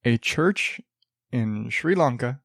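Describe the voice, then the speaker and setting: A man's voice: mid-range voice, animated, takes it slowly, creaky, fairly bright tone, husky, dry recording, studio quality. A man hosting his own podcast, rambling and sarcastic, restarting sentences and chuckling as he mocks the news. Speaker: podcast host. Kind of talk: casual solo podcast monologue. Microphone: studio podcast mic.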